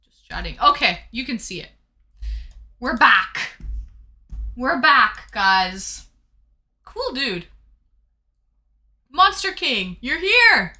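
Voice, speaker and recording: Bright, bubbly woman streamer. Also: fairly high pitch, very animated, very slow, pauses often. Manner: effusive, bubbly, playful. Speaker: streamer hosting viewer dates. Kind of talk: casual live-stream chat.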